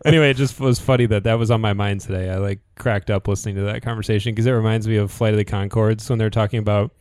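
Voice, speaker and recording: A man from Michigan co-hosting a casual podcast, chatting in an animated way with restarts and laughter. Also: fairly low pitch, fast talker, no echo, studio quality. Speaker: podcast co-host. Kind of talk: casual chat.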